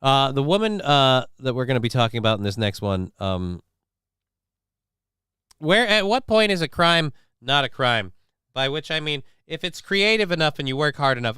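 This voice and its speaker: A man's voice: mid-range voice, lively intonation, unhurried, pauses often, pushed and bright, clear, resonant tone, dry recording, clean studio sound. Sarcastic rambling male stream host. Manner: sarcastic, rambling asides, mock-indignant questions. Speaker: live-stream show host. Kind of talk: casual live-stream commentary.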